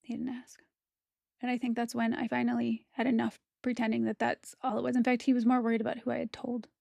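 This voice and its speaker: A woman's voice: on the high side, monotone, quick pace, creaky, darkish tone, no room sound. A woman content creator giving a personal testimony straight to camera, blunt, heated and profane.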